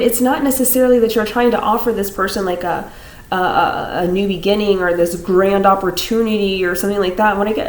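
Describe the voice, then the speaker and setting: A woman's voice: mid-range voice, darkish tone, roomy sound, poor audio. A woman giving a casual tarot reading to her viewers, rambling with many fillers and restarts. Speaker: tarot reader.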